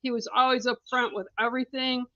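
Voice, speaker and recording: A woman's voice: a little high, flat delivery, fairly quick, bright, forceful tone, no echo, lo-fi sound. A middle-aged woman hosting a livestream, giving psychic card readings in a blunt, chatty way and laughing often. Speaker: psychic card reader, show host.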